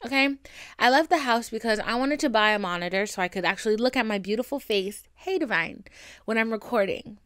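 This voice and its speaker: Young woman, podcast host, smooth clear tone, slightly high voice, dry close sound, casual profane venting. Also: expressive, a little fast, a bit bright, no echo. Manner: candid, chatty and profane, with many likes and asides.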